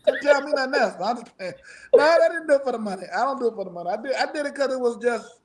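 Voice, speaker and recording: High-voiced man chatting loosely. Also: lively intonation, racing, a little hiss or hum. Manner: rambling, profane, laughs often. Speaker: musician guest. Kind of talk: casual interview chat.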